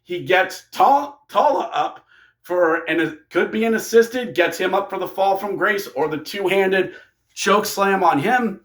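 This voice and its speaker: A man narrating a fantasy wrestling storyline in a playful, excitable way. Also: on the high side, slow. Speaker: wrestling fan video creator.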